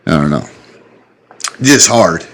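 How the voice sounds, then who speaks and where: A man's voice: low voice, lively intonation, slow, a bit bright. A man in his thirties, a podcast host, telling an emotional story in an earnest, plain-spoken way, choked up and slightly tipsy. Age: 30s.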